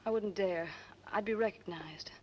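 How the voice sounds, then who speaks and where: A woman's voice: mid-range voice, moderate pace, close to an everyday voice. Actress for an anxious young mother, pleading, vintage film sound. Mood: desperate. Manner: urgent, pleading. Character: desperate young mother hiding her baby. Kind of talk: 1930s film dialogue. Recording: dull old film soundtrack with hiss.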